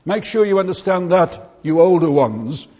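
A man's voice: sits high, expressive, moderate pace, mellow, slightly rough. An older man preaching a sermon in an earnest, emphatic way, repeating his points. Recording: muffled hall recording with long reverb.

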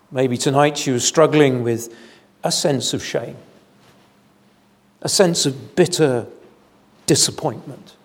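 A man preaching an evening sermon in a church, measured and deliberate, with solemn emphasis. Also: medium pitch, creaky, darkish tone, breathy edge. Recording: long hall reverb.

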